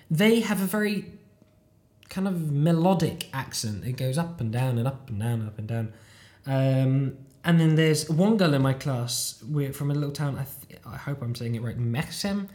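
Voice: mid-range voice, a little mellow. A British-accented podcast host, talking loosely and chattily on their own. The talk wanders from tangent to tangent, full of self-mocking asides and offhand swearing. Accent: British English. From United Kingdom. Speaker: podcast host, language learner. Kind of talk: casual rambling monologue.

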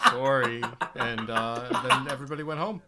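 Co-host, joking and laughing, with a noisy household and a child audible behind him. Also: male voice, medium pitch, normal speed, over a noisy crowd. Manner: jokey, laughs a lot. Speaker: podcast co-host. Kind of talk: casual chat. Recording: child noise in the background. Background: crying child.

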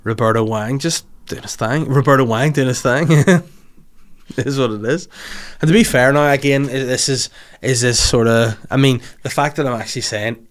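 A young man with a Northern Irish accent, chatting loosely on a podcast with a medium-pitched voice. He wanders through a long, crude anecdote and keeps breaking into quick acted-out dialogue. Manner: rambling, crude storytelling with acted-out quotes. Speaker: podcast host. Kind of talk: casual podcast chat.

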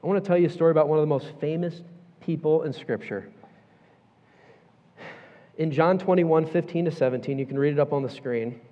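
A man preaching in an echoey church auditorium, his voice sitting a little high for a man. He talks emphatically yet conversationally, dropping casual asides. The sound is slightly dull and muffled. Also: a little fast, pauses often. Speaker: pastor. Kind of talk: sermon.

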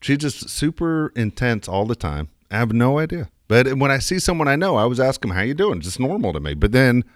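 A man's voice: mid-range voice, a little fast, few pauses, dry recording, studio quality. A middle-aged man, a sports radio host, telling a story in casual podcast chat with lots of swearing. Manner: profane, animated storyteller, acts out quotes.

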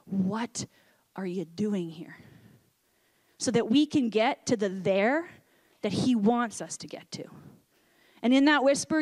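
High-voiced woman pastor preaching. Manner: earnest, drops to a soft hush for quoted lines. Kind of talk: sermon.

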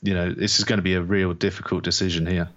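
A man's voice: low voice, level tone, fast, a bit bright, highs cut off. A man co-hosting a podcast in casual sports chat, teasing and laughing easily. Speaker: podcast co-host.

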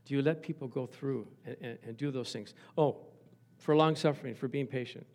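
A man preaching a sermon, telling lively stories and acting out the voices of the people in them. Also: mid-range voice, a little fast. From Italian family background. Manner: animated storytelling, acts out voices. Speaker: pastor.

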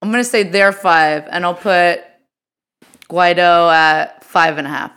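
A woman's voice: lowish voice, measured pace, fairly bright tone, clear, resonant tone. A woman co-hosting a casual political podcast, laughing easily and talking loosely with lots of fillers. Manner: laughing, conversational, lots of "you know" and "like". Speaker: podcast co-host.

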